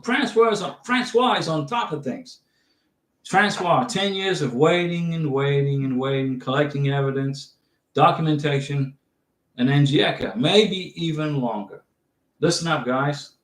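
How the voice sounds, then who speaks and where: A man's voice: a little high, fairly bright tone. A man hosting a livestream, reading viewer questions aloud and giving emphatic, casual advice. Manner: chatty, emphatic, reads viewer comments aloud. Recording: roomy sound, somewhat far from mic.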